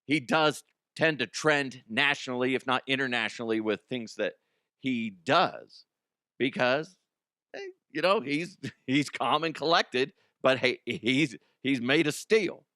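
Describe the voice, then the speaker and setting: A man's voice: mid-range voice, unhurried, bright, forceful tone, no echo. Man, comedy podcast host, rambling, giggly, swears a lot, dry close sound. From Colorado. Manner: rambling, laughs often, swears. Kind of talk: casual comedy chat.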